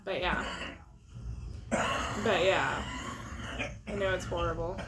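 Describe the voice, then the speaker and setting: A woman's voice: fairly low pitch, slow, heavy background noise. A young adult woman, a teacher, gossiping casually and filling her talk with "like". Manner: chatty, full of likes, gossipy. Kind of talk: casual chat.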